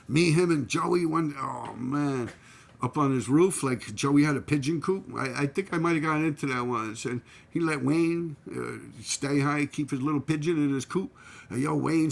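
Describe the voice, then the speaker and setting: A man's voice: medium pitch, creaky. A middle-aged man with a New York accent, telling casual, profane stories from his graffiti days and dotting his talk with "man" and "yo". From New York City. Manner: streetwise, profane, full of "man" and "yo", laughs at his own stories. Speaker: channel host and former graffiti writer. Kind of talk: casual storytelling.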